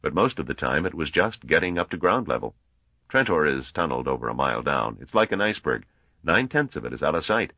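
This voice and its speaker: A chatty, shrewd male stranger, as a man reading a storybook puts him on, knowing and easygoing in a very deep, husky voice with lively ups and downs. It is recorded dry and a little dull. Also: quick pace, no room sound, exaggerated voice. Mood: explaining. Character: genial but shrewd middle-aged man, chatty.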